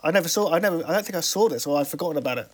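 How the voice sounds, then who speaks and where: Brief: male guest, higher voice, quick, laid-back, keeps steering the chat on. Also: animated, husky. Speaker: podcast guest. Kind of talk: casual chat.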